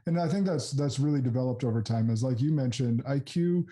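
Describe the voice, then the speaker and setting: A man in his thirties hosts a podcast in a casual interview chat, his medium-pitched voice brisk and mellow. He comes across as earnest, affirming, and reflective.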